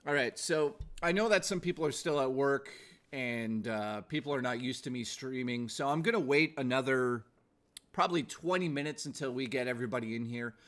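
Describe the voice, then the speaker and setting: A man's voice: mid-range voice, brisk, a bit bright. A man streaming from home, chatting casually with crude, profane jokes and rambling asides. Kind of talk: casual livestream chat.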